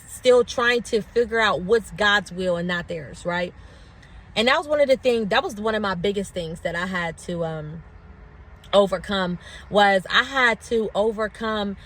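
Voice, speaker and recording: A woman speaks in a relaxed, conversational faith talk, full of "like" and "right?". Her pitch sits in the middle of the range. She builds to repeated preaching lines as she encourages listeners. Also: slightly rough. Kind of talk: casual motivational faith talk.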